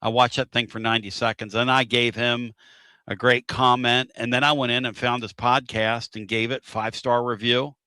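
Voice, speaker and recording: A man's voice: medium pitch, little pitch movement, moderate pace, pushed and bright, clear, resonant tone, no echo, clean studio sound. A man hosting a casual live-stream talk show, talking in a rambling, folksy way and repeating himself. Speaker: show host.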